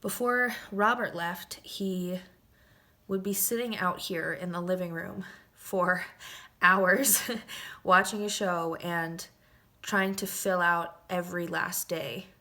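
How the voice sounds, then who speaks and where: In her twenties, this woman vlogs to the camera in a chatty, affectionate way, laughing a lot and growing a little emotional. Her voice sits on the low side with a steady tone, and she speaks slowly with a bright, forceful quality.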